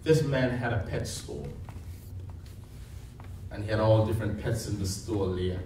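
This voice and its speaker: A man preaching a sermon, telling a funny story in an animated, playful way. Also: fairly low pitch, measured pace, slight background noise. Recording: echoey hall heard from a distance.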